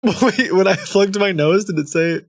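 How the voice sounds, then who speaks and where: A man's voice: high-pitched, steady tone, moderate pace, creaky, dry recording, studio quality. A man live-streaming, chatting casually to his viewers, rambling and cutting himself off, often laughing at himself.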